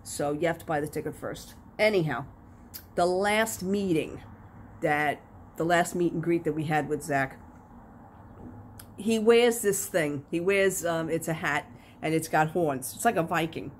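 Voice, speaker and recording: Speaking at a measured pace in a voice that sits low, a middle-aged woman rambles through animated stories for her crafting vlog, using plenty of fillers. There's slight background noise.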